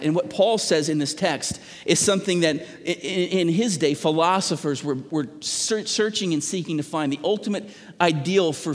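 A middle-aged man, a pastor, preaching earnestly to a congregation, stumbling over restarts and asking the people questions. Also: fairly high pitch. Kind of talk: sermon. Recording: long hall reverb.

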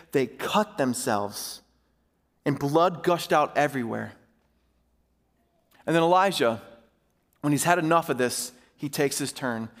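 A male pastor preaching an impassioned sermon in a church sanctuary, swinging between urgent and slow, emphatic delivery. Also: fairly high pitch. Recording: reverberant hall.

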